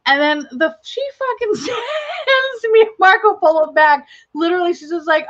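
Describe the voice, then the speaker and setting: A woman's voice: sits high, animated, normal speed, hardly any pauses, fairly bright tone, highs cut off. A woman guest in a casual live-stream chat, telling stories dramatically and swearing freely.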